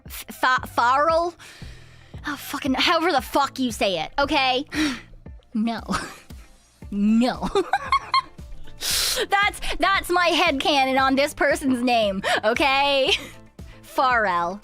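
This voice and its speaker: A woman's voice: sits high, lively intonation, slow, fairly bright tone, soft background music. A young woman streaming a game, chatting in a playful, rambling way, swearing and giggling often. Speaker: VTuber streamer. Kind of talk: casual live-stream chat.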